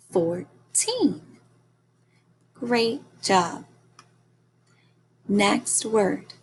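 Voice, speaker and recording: A woman teacher giving a recorded phonics lesson to young children, slow and encouraging as she sounds out each part of a word. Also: fairly high pitch, expressive, darkish tone, husky.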